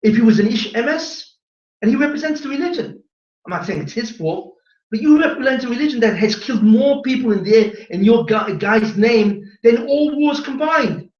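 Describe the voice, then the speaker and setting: A rabbi giving an impassioned religious lecture, firing off rhetorical questions with emphatic force. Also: male voice, very high voice, expressive, normal speed, a little mellow. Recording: echoey hall, distant dull mic.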